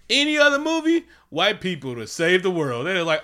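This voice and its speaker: Man, bright tense voice, casual comedic chat, animated, profane, mocking impressions. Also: high-pitched, fairly quick, few pauses. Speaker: podcast co-host. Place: home.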